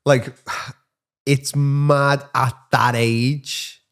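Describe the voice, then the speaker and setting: A man who teaches, co-hosting a podcast in casual chat and telling school stories with lively acted-out quotes. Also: medium pitch, extremely slow, clean tone. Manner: animated storyteller who acts out voices in his anecdotes.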